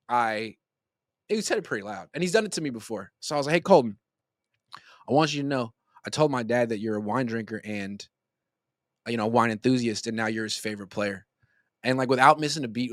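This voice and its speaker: A man in his late thirties chatting through sports commentary in a loose, rambling way, full of jokes and asides. His voice sits at an ordinary middle pitch. The sound is close and dry, with no room echo. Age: 30s. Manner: rambling, joking storyteller.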